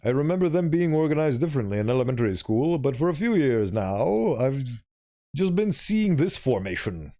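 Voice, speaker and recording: A man's voice: mid-range voice, sing-song, normal speed, mellow. A young man streaming, reading a visual novel aloud and rambling through commentary with chuckling, self-interrupting asides.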